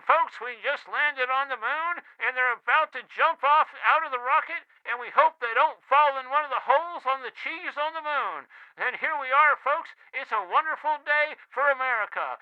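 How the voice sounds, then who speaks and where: Guy doing a hyped old radio announcer, high voice, radio filter, dry and tinny. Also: no room sound. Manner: showman's hype, addresses folks. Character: excited old-time male radio announcer.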